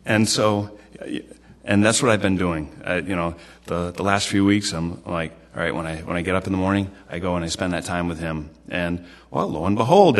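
A man preaching a casual, conversational sermon, often repeating himself and restarting his phrases. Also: deep voice. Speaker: pastor.

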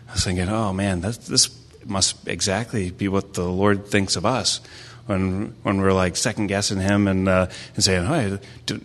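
A man in his thirties giving an informal sermon, talking haltingly with many restarts and fillers. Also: fairly low pitch. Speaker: preacher sharing a devotional. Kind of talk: informal sermon with family stories.

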